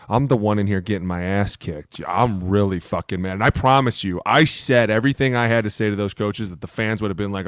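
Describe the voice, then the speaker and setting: Profane, animated former lineman. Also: lowish voice, brisk, no echo, studio quality. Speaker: podcast co-host, former NFL lineman. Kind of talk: casual chat.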